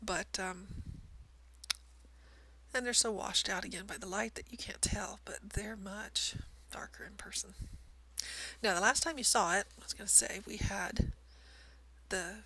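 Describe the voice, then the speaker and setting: Chatty woman with a gravelly edge. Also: mid-range voice, a little slow, slight background noise, rough recording. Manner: chatty, self-deprecating, drifts into soft near-whispers. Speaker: cross stitch vlogger. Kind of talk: casual show-and-tell narration.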